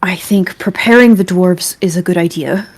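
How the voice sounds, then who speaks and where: A woman's voice: lowish voice, moderate pace, husky. A woman playing a tabletop role-playing game, chatting and plotting in casual talk. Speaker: player.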